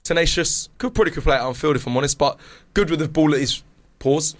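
A British man co-hosting a football chat show from a studio, his voice sitting a touch high. He laughs a lot and stumbles through quick restarts. The sound is close and dry, with no room around it. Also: no echo. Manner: laughs often, stammering restarts. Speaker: podcast co-host. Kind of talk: casual banter.

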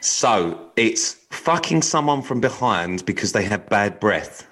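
A man's voice: fairly low pitch, big pitch swings, slow, fairly bright tone. A man, co-hosting a podcast with cheeky, sweary banter. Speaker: podcast co-host. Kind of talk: casual chat.

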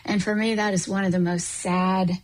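A woman's voice: medium pitch, flat delivery, normal speed, low-quality recording. A woman who works as a counselor and coach, speaking as a talk show guest in an earnest, thoughtful way. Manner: earnest and thoughtful, with soft fillers.

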